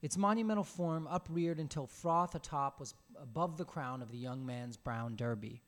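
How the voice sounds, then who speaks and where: A man reading a story aloud in a small room alone, expressive, with casual asides. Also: a little high, moderate pace. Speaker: reader.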